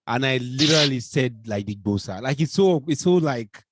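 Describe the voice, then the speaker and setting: Relaxed podcast co-host, man, lively intonation, dry close sound. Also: medium pitch, moderate pace, dry recording. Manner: easygoing, agreeable, laughs along. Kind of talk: casual chat.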